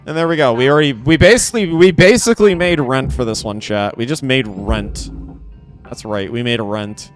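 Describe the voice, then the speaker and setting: A man's voice: medium pitch, a little fast, faint music behind. A man giving casual live gameplay commentary, playful and rambling, repeating phrases and talking to his chat. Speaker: game streamer.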